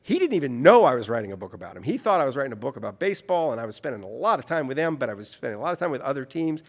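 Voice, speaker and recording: Animated male storyteller in a reverberant room. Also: medium pitch, rapid-fire. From New Orleans, US. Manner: animated, self-correcting storyteller. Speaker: author and interview guest. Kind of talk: anecdotal storytelling in conversation.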